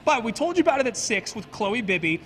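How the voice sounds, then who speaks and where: A man's voice: very high voice, big pitch swings, quick pace, pushed and bright, slight background noise. A man working as a sports anchor, upbeat and enthusiastic at the news desk.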